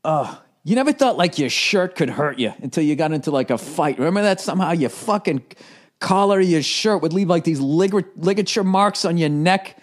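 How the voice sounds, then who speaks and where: A man's voice: fairly high pitch, lively intonation, fairly quick. Profane self-mocking man in his forties. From United States. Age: 40s. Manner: profane, rambling, self-deprecating. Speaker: comedian podcast host. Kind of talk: casual comedic storytelling monologue.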